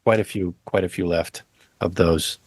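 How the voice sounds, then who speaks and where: A man as an interview guest, talking casually in a halting way with many fillers and deadpan jokes. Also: low-pitched, slightly rough, no echo. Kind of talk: casual conversation.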